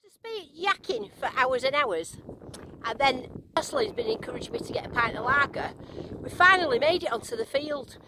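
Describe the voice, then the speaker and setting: Speaking at a normal pace with lively intonation, this high-pitched English woman films an excited, casual metal detecting vlog on a handheld camera. She's bubbly and giggly, out at a field rally and partly in a car, against a noisy background.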